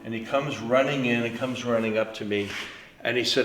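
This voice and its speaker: A man, a painter, talking about his work in an unhurried storytelling way, with trailing fillers. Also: mid-range voice, fairly even intonation. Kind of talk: reflective studio talk. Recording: echoey room with soft music.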